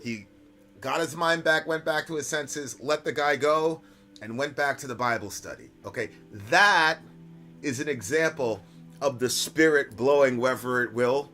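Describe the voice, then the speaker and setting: A man hosts a casual live stream and answers viewer questions. His voice is bright and forceful, and his pitch sits in an ordinary middle range. He talks in a loose storytelling way, checking in with "right?" and "like", while faint music plays underneath. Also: moderate pace. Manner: conversational storytelling, frequent "right?" and "like".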